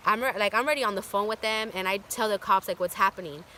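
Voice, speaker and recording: Young woman, storytime vlogger, bright voice, rambling chatty delivery. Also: mid-range voice, fast, slight background noise. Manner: chatty, filler-heavy with constant "like". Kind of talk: casual storytime.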